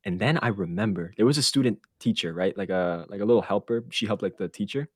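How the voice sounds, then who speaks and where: A man with a somewhat low voice tells a story on a podcast, loose, animated and full of swearing. He breaks into laughter now and then. The sound is close and dry, with no room around it. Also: fast, husky, dry recording. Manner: animated, profane, laughs through his story. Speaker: podcast host. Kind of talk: casual storytelling chat.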